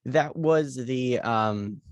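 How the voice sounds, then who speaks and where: A man's voice: medium pitch, extremely slow, dry recording, muffled recording. A man co-hosting a podcast in casual chat, rambling and hesitant with many fillers, talking over a video call. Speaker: podcast co-host.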